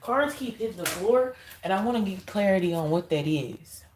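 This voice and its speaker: A woman's voice: medium pitch, animated, moderate pace, a little mellow, a little hiss or hum, low-quality recording. A woman giving an intuitive card reading, speaking emphatically and straight to her viewers, often repeating herself. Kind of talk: spiritual card reading monologue.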